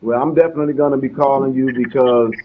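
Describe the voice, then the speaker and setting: A man hosts a live stream, speaking emphatically and heaping praise in casual chat. His voice is muffled and dull. Loud noise runs underneath. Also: mid-range voice, fairly even intonation, fast.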